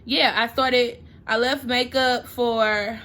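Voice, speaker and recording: A woman's voice: fairly high pitch, fairly even intonation, slow, fairly bright tone. A young woman, chatting casually through a storytime while doing her makeup, emotional and at times close to tears. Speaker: makeup vlogger.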